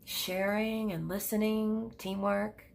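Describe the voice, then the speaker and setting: Slow, gentle, gravelly-voiced woman reader. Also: medium pitch, little pitch movement. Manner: gentle, emotional, soothing, speaks slowly with soft pauses. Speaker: tarot card reader. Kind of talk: pick-a-card tarot reading. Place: home room at a desk.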